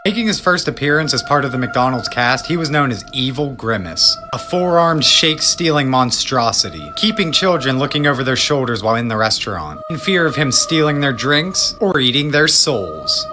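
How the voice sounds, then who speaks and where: Deadpan man over loud music. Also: medium pitch. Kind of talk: narrating a compilation clip.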